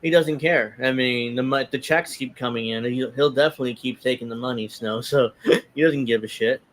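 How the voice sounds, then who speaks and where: Casting: male talk show host, mid-pitched, sarcastic, casual political riffing. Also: normal speed. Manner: sarcastic, reads tweets aloud in mocking voices. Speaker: podcast host.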